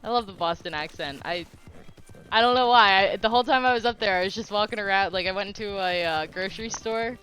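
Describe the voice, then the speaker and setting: Bright-voiced chatty woman streamer. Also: mid-range voice, quick pace. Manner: chatty, laughs often while telling stories. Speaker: live streamer. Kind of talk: casual chat while streaming a game.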